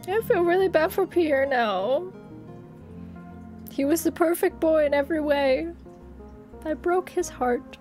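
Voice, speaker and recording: Young woman streamer, high voice, reads the game text out loud and gets teary, faint music behind. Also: a little slow. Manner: reads game text aloud, emotional and tearful. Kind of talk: live game stream reaction.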